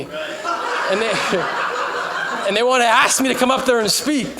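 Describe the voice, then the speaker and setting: A young adult man, a pastor, preaching a sermon to his church in a conversational, jokey way, now and then shouting out to the congregation. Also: very high-pitched, moderate pace, pauses often, a little hiss or hum.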